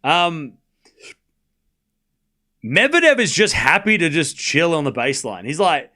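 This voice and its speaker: A high, bright-voiced man runs a live tennis watchalong stream, switching between quick point-by-point calls and sarcastic asides to his chat. His pitch swings widely as the rallies build. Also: big pitch swings. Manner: rapid play-by-play calls. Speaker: stream host and commentator.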